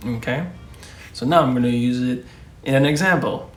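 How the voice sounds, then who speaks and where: A man hosting a casual lesson who speaks patiently and repeats each phrase slowly. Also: medium pitch. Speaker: language teacher, channel host. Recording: echoey room with faint music.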